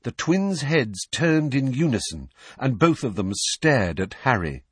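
Husky, lively male storyteller. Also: medium pitch, measured pace, no room sound. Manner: expressive storytelling with many character voices. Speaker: audiobook narrator. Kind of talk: scripted narration.

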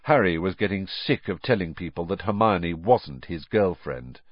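A man narrating an audiobook in a steady, expressive reading. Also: sits low, normal speed, hardly any pauses, no echo, muffled recording.

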